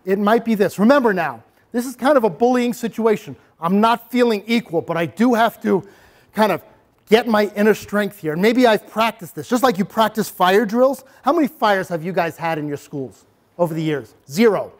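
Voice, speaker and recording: Addressing a roomful of parents at a moderate pace, a high-voiced, middle-aged anti-bullying presenter runs a workshop. He shows calm, assertive speech techniques and guides his listeners through them one step at a time.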